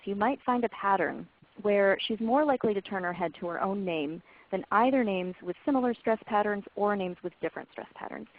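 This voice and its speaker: A woman presenting a parenting webinar, explaining clearly and encouragingly to parents, in a scripted lecture style. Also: medium pitch. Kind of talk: scripted lecture on language development. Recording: phone-like narrow band webinar audio.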